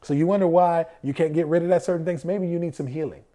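Mellow-voiced man preaching conversationally. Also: a little high, steady tone, fast. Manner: asks rhetorical questions and answers them himself; acts out quoted voices. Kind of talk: conversational sermon.

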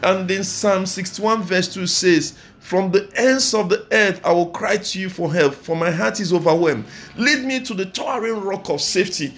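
A man's voice: high-pitched, moderate pace, fairly bright tone. A man, a pastor preaching a sermon and leading a fervent, repetitive, pleading prayer.

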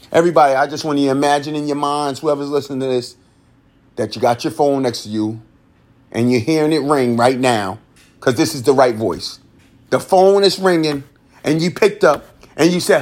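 This man's inspirational talk is full of drama and repetition, punctuated by frequent laughter as he hosts his motivational podcast. He speaks in a mid-range, expressive voice at an ordinary pace.

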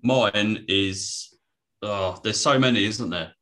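Low-voiced man, laid-back co-host. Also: takes it slowly, bright, forceful tone. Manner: easygoing, laughs often. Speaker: podcast co-host. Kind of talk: casual chat.

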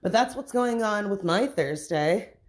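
Slow-talking frustrated woman ranting. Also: medium pitch, lively intonation. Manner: frustrated, swearing, halting restarts. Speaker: vlogger. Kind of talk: casual venting rant.

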